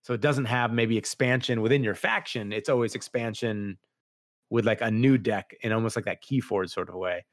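A man's voice: on the low side, moderate pace, no room sound, clean studio sound. A man hosting a podcast, chatting casually and loosely about tabletop games, with many fillers. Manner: rambling, loose, full of fillers. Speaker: podcast host.

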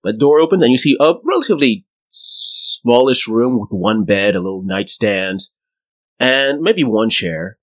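A man narrating a tabletop game as game master, in a casual, halting way. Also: mid-range voice, animated, poor audio.

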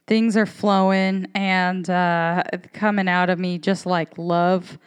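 A woman's voice: on the low side, little pitch movement, slow pace, clean tone. A woman in her thirties hosting a podcast, talking in a candid, rambling, profane way. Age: 30s. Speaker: podcast host. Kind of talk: casual monologue.

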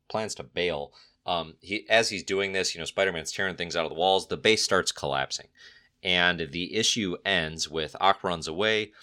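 A man co-hosting a casual comic book podcast, recapping the plot at a steady pace with easy fillers. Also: very deep voice. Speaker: podcast co-host.

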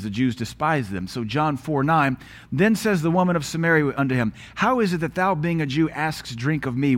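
An American male pastor delivering a sermon in a mid-range voice. He talks bluntly and with open scorn, moving between personal anecdotes and scripture. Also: medium pitch.

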